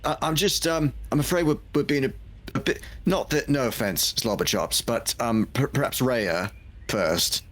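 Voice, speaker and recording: A man's voice: medium pitch, moderate pace, a bit bright. A man role-playing at a tabletop game, speaking politely and a little hesitantly. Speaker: player.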